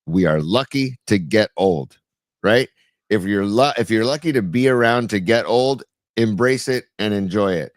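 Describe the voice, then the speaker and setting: A man from San Francisco co-hosting a casual sports podcast, relaxed, reading viewer messages and stat lines. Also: on the low side, normal speed, dry recording, clean studio sound. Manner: laid-back, reads chat messages and stat lines. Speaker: podcast co-host.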